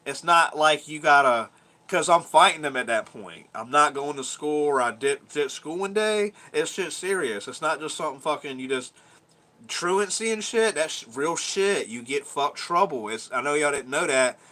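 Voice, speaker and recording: A man's voice: a little high, animated, normal speed, pushed and bright. Rambling, profane man in his thirties. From Georgia, US. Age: 30s. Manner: rambling, profane, laughs through his story. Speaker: vlogger. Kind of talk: casual storytelling monologue.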